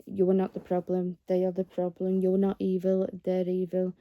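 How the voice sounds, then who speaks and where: A woman's voice: lowish voice, monotone, moderate pace, dry recording, muffled recording. A woman vlogging to camera in a casual, rambling way, earnest and encouraging toward her viewers.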